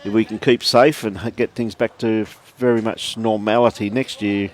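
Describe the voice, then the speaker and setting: An Australian man calls a lawn bowls game with an easy, chatty manner, laughing often and calling everyone mate. His voice sits fairly low. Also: level tone, moderate pace, a little hiss or hum. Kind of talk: live sports commentary.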